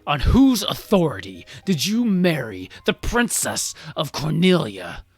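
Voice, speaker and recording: A man voicing an angry middle-aged king who shouts accusations at his daughter's new husband. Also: fairly high pitch, sing-song, unhurried, breathy edge, full character voice. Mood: outraged.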